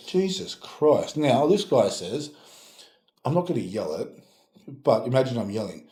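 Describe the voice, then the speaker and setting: A man's voice: medium pitch, lively intonation, measured pace, pauses often, warm tone. A man, a strength coach, chatting casually and sarcastically as he reacts to comments, with playful mock-scolding. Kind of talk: casual reaction video chat. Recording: roomy echoey room.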